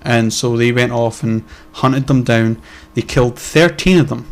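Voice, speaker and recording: A young man co-hosts a casual podcast, arguing his points bluntly and heatedly. He swears freely. His pitch sits mid-range for a man. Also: measured pace. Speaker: podcast co-host.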